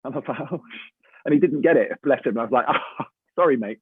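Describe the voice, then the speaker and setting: A middle-aged English man with an English accent tells a story in a chatty, animated way, calling people mate and man. His voice has a slightly husky edge. It comes through dry and tinny, like a phone or remote call. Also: mid-range voice, quick pace, no room sound. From England. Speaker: voice actor guest. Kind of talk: casual panel chat.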